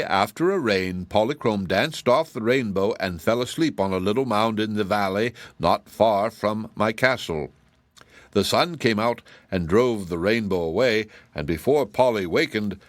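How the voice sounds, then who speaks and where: A man voicing a cruel, scornful giantess sorceress in an audiobook, speaking slowly and mockingly. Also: lowish voice, no room sound. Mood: boastful. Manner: slow, mocking and menacing.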